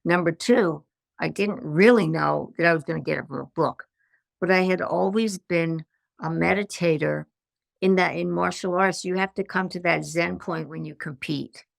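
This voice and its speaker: An older woman, a guest on a podcast interview, telling her life story in lively anecdotes and acting out the lines of the people in them. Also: on the low side, moderate pace, vocal fry, dry recording, clean studio sound. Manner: animated anecdotes with acted-out quotes. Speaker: guest, stress management consultant.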